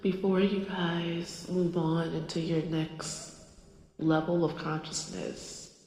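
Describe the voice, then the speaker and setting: A woman's voice: on the low side, little pitch movement, darkish tone. A woman channeling solemn goddess Isis. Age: 40s. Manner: slow, drawn-out solemn delivery. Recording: echoey room, long reverb, faint music.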